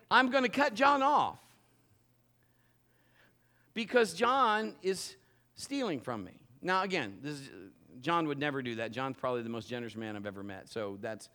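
A man preaches from a church platform in a playful, teasing way, spinning an animated story for his congregation. His voice sits a little higher than most men's. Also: measured pace, pauses often. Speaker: pastor. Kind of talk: sermon with a live demonstration. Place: church stage before a congregation.

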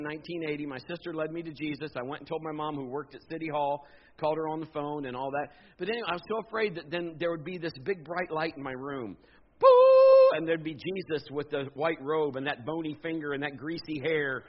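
A man in his fifties preaching a sermon, telling a personal story in an animated, jokey way and acting out the voices. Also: fairly high pitch, slight background noise. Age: 50s. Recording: dull lo-fi sound.

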